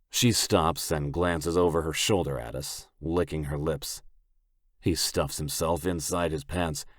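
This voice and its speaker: A man narrating a romance audiobook in the first person, with a slow, level, gruff delivery. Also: very deep voice, no room sound, studio quality.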